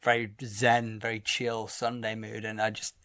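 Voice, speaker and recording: A man co-hosting a podcast in casual chat, laid-back, who swings between talking quietly and loudly. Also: on the low side, completely flat delivery, moderate pace, no echo, studio quality. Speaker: podcast co-host.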